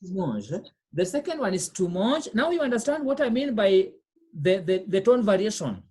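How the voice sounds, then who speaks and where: A woman's voice: medium pitch, expressive, fairly quick, warm tone, breathy edge. A woman teaching a French lesson, explaining patiently, repeating phrases and checking that students follow. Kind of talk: online class lesson.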